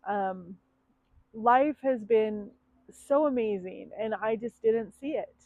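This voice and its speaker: A woman's voice: fairly high pitch, slow pace, dry recording. A woman in her thirties telling her own story in a candid, emotional vlog, full of ums and likes. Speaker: vlogger. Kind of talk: personal confessional vlog. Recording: dry, tinny phone-like sound.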